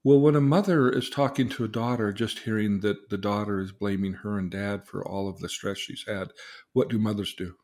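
A man, a therapist, telling a client's story in casual conversation and acting out the quoted lines. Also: normal speed. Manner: animated, acts out quoted dialogue with rising pitch. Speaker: therapist, podcast host.

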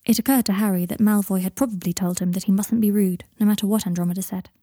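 A woman narrating fan fiction as an audiobook, calm and even. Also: medium pitch, fast, breathy edge, dry recording, studio quality.

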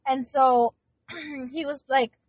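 A woman's voice: sits high, fairly even intonation, slow, husky, no room sound. A young woman co-hosting a podcast, telling a story in rambling casual chat with lots of fillers. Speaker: podcast co-host.

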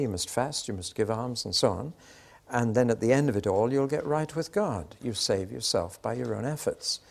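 An older British man preaching a sermon, telling stories and acting out the voices in the exchanges he recounts. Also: medium pitch. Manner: storytelling, acts out quoted exchanges.

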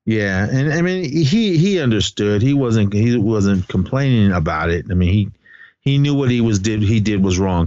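Male podcast co-host, low voice, casual film recap, dry lo-fi mic. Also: animated, moderate pace, darkish tone, no echo. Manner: retells scenes loosely, acting out lines, laughs often. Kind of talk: casual movie recap chat.

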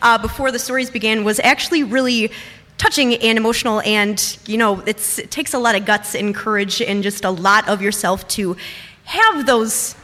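High, bright woman speaking on stage. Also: moderate pace. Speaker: storyteller. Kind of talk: live storytelling on stage. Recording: long hall reverb.

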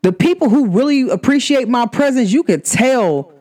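A woman talking straight to her listeners in a loose, chatty monologue. She is emphatic and animated, and her voice jumps up high when she gets excited. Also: normal speed. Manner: chatty and emphatic, many "like" fillers. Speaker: podcast host.

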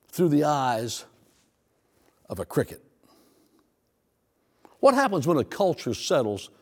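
Animated preacher man, lively pitch. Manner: animated storytelling preacher, rhetorical questions. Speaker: pastor. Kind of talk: sermon. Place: church auditorium.

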